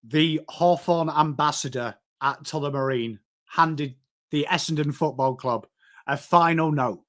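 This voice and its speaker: An Englishman putting on a posh voice to play a pompous older wartime leader giving a slow, grave declaration. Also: medium pitch, a bit bright, voice pushed down.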